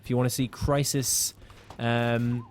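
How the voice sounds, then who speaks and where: A man's voice: mid-range voice, little pitch movement, a little slow, slight background noise. Chatty British man streaming a game. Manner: chatty, reads out viewer comments. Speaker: co-host of a live game stream. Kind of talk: casual live-stream commentary.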